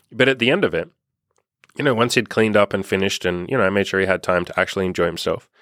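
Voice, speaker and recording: Low-voiced man, casual coaching talk. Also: quick pace, dry recording, clean studio sound. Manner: animated storytelling with casual swearing. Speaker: life coach and podcast host. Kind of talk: casual motivational monologue.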